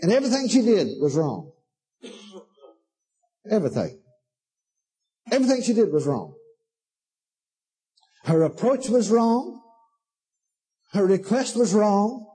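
A man's voice: high-pitched, big pitch swings, slow pace, long pauses, warm tone, breathy edge. A man preaching a sermon, reading scripture aloud and repeating his points emphatically with sudden asides.

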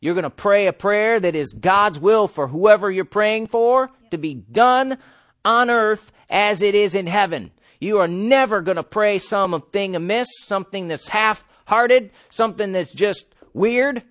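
A man's voice: high voice, unhurried, fairly bright tone, no echo. A man preaching a sermon emphatically, asking his listeners questions and answering them himself, with the odd chuckle.

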